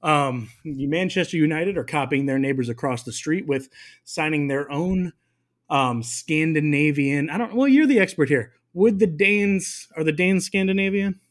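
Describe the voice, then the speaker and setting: A man with a slightly higher voice co-hosts a soccer chat podcast. He talks loosely and jokes his way through the news, laughing often as he goes. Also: moderate pace. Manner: jokey, rambling, laughs often. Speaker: podcast co-host. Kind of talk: casual chat.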